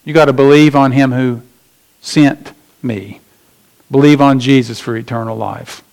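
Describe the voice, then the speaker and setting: A man preaching a sermon as pastor, emphatic, slowing down and rising in pitch to stress his points. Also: fairly even intonation, darkish tone.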